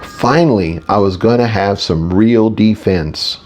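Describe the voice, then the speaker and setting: Casting: male audiobook narrator, casual first-person read, low voice. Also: unhurried, darkish tone. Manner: casual, with small reading slips.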